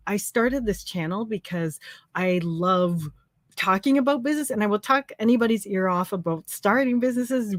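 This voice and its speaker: A woman's voice: mid-range voice, dry recording. A woman hosting a casual live stream, chatty and effusive, talking with lots of fillers. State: tearful, emotional. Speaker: host.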